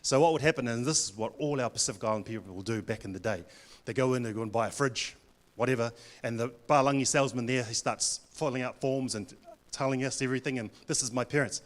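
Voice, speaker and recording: A man's voice: medium pitch, fast talker. Nz guy doing a punchy jokey talk at a church event, plays to the crowd. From New Zealand. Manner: blunt, joking, plays to the crowd. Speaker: Pacific director, speaker. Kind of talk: talk to a live audience.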